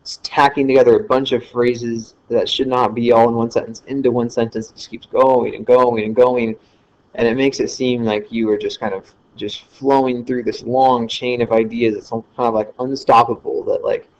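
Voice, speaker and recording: A man's voice: mid-range voice, level tone, moderate pace, a little mellow. Casual man lecturing, slightly dull sound. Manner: casual, self-correcting, frequent fillers. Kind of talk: screen-recorded lecture. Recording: slightly dull lo-fi screen recording.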